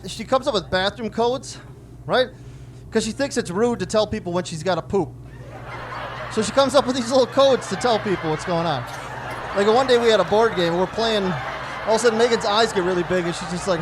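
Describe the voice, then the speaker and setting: High-voiced male stand-up comic. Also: fairly quick, noisy background. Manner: storytelling with self-deprecating jokes, acts out family dialogue. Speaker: stand-up comedian. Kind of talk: stand-up comedy.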